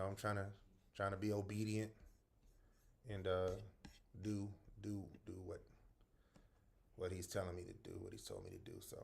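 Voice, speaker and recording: A man's voice: on the low side, vocal fry. Upbeat man greeting his stream. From North Charleston, South Carolina. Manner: upbeat, shouting out viewers by name; soft and earnest when speaking from the heart. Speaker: livestream host. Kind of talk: casual livestream greeting viewers.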